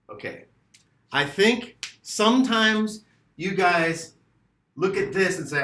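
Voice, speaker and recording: A man's voice: high voice, lively intonation, slow, long pauses, pushed and bright. A man teaching an English grammar lesson, rephrasing his points and acting out his students' questions. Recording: echoey room.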